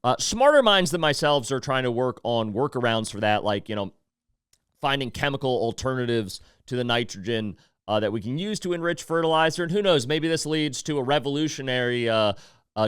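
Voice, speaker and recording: A man's voice: mid-range voice, a bit bright, smooth, dry recording, clean studio sound. A man hosting a casual commentary podcast, rambling and swearing with lots of fillers. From United States. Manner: profane, rambling, with many fillers. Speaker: podcast host.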